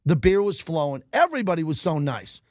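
Fired-up high-voiced sports talk host. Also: male voice, a little fast, no echo, clean studio sound. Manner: animated, emphatic, ranting. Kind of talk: opinionated sports talk monologue.

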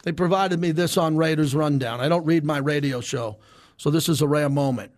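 Brash high-voiced sports radio man. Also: moderate pace, dry recording, clean studio sound. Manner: brash, heated, rhetorical questions. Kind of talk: sports talk radio monologue.

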